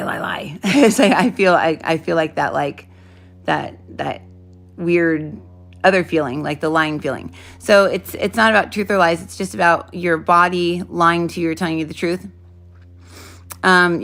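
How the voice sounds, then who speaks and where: A woman with a low, gravelly voice talks through an intuition lesson in a loose, casual way. She rambles, restarts her sentences and fills the gaps with "um" and "like". She sounds like someone in her thirties explaining things off the cuff. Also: fairly bright tone. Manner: rambling, self-interrupting, many fillers. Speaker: intuition teacher. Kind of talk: casual spoken lesson to camera.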